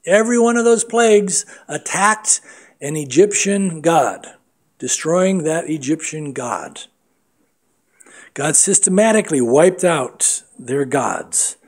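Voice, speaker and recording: Pastor, middle-aged man, slightly high-pitched, emphatic sermon delivery. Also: animated, slow pace. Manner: emphatic preaching, quoting scripture.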